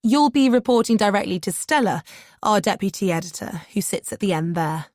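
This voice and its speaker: A woman doing a brisk female newsroom boss. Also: medium pitch, lively intonation, darkish tone, no echo, studio quality, close to an everyday voice. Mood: businesslike. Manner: brisk, businesslike. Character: brisk female newsroom manager giving a tour.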